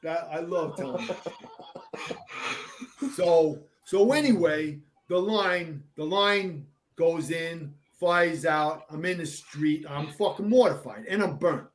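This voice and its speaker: Older guest, fire captain, animated profane storyteller, a little high-pitched. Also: male voice, slow. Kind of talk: casual storytelling in an interview.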